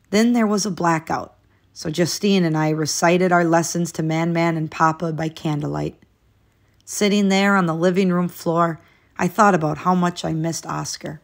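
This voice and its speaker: Slightly low-voiced woman reading a storybook. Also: normal speed, vocal fry. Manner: expressive, lifting her voice at new days and exclamations. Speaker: picture book reader. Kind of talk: children's storybook read-aloud.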